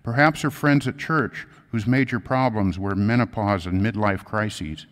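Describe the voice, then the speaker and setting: A man with a fairly low voice preaches in a quiet, earnest, measured way. His words ring out with the long reverb of a church hall. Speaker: lay preacher. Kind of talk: sermon with a read-aloud story.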